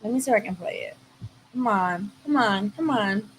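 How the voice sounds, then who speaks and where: Young woman, livestream host, bright tone, faint background noise, animated casual chat. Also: mid-range voice, moderate pace, rough recording. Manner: animated, swearing, overthinking aloud. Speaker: boxing show host.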